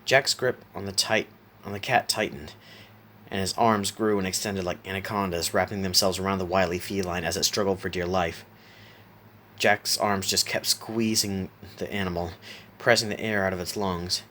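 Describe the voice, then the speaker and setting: A man reads a horror story aloud in a low, steady voice, sometimes stopping to correct himself. A faint hiss sits behind the voice. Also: normal speed. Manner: steady reading with small self-corrections. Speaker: narrator.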